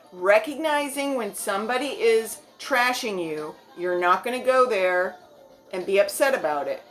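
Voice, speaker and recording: A woman's voice: a little high, a bit bright. A woman in her fifties giving a motivational vlog talk to her viewers, earnest and frank with casual language. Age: 50s. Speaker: vlogger.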